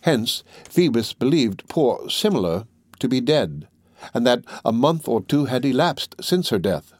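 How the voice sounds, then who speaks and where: A man reading a classic novel aloud as audiobook narration, measured and steady. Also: medium pitch, no room sound. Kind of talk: scripted narration.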